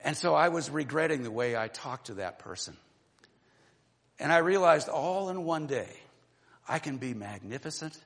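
A man in his sixties preaching a sermon, telling a personal story that moves between animated and low, quiet passages. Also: vocal fry, long reverb tail. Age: 60s. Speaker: pastor.

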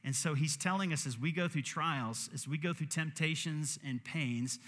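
A man's voice: mid-range voice, a bit bright, big-room sound. A man preaching a sermon as pastor, earnest, acting out short prayers in quoted voices.

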